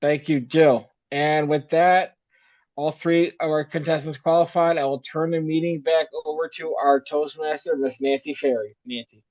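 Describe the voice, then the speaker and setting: A man with a slightly high voice running a club meeting, politely calling each speaker by name. The sound is somewhat dull and muffled, like a room microphone. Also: fairly even intonation, normal speed. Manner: polite, hands speakers over. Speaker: meeting host. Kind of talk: meeting facilitation.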